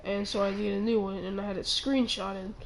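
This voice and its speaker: A teenage girl ranting on her own channel, rambling and halting with many restarts, sounding indignant. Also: mid-range voice, little pitch movement, a little hiss or hum, low-quality recording. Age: teens. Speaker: channel owner. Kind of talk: ranting vlog.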